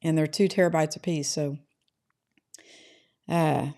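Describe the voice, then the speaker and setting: Chatty middle-aged woman, lowish voice. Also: fairly even intonation, measured pace, warm tone. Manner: rambling and chatty, often adds "right?". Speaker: livestream host reading chat. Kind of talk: casual livestream chat. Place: her home.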